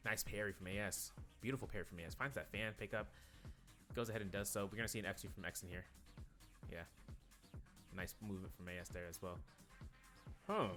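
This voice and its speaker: A man commentating an esports match play by play, rattling off quick calls and drifting into rambling asides full of fillers. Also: lowish voice, sharp tone, faint music behind.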